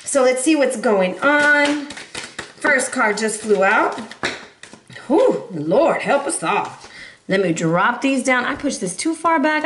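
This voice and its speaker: A woman giving a casual tarot reading, sassy and animated, talking straight to her viewers. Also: sits high, reverberant, slight background noise. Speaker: tarot reader.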